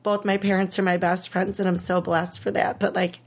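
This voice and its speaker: A woman's voice: on the low side, level tone, brisk. A woman in her thirties, an interview guest, telling a personal story candidly and with emotion, laughing at times.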